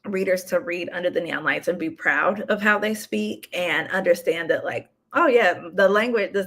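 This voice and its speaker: A young adult woman from the US Midwest, an author chatting casually in an interview, relaxed and laughing often. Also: on the low side. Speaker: author guest.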